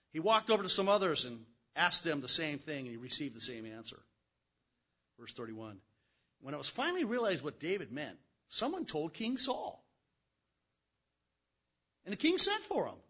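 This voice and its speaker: A man preaching a conversational sermon, reading scripture with folksy, animated asides. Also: fairly high pitch, slightly rough, lo-fi sound. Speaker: pastor.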